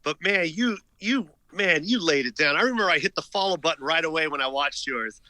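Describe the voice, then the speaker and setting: A man's voice: a little high, a little fast, slight background noise, poor audio. A middle-aged man, a comedian guest, telling stories in casual chat with lots of filler words. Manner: animated storyteller, many filler words.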